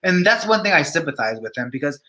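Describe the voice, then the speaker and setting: A man's voice: on the high side, sing-song, fast, sharp tone. A man giving casual, sassy gossip commentary to his viewers, chatty and talking straight to the live chat. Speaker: vlogger.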